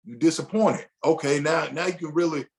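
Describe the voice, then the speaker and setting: A man's voice: on the high side, brisk. Man teaching a casual men's session. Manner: conversational, loose, with frequent restarts and acted-out inner dialogue. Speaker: men's group facilitator.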